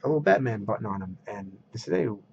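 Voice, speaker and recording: A man's voice: fairly low pitch, animated, quick pace, gravelly, darkish tone, lo-fi sound, slight background noise. A man vlogging a casual rant to camera, retelling conversations with quoted voices.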